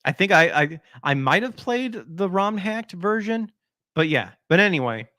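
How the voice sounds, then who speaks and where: A man's voice: high voice, sing-song, moderate pace, pushed and bright, no echo, clean studio sound. A man hosting a gaming podcast, ranting sarcastically about news articles in a mocking, crude way. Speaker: podcast host.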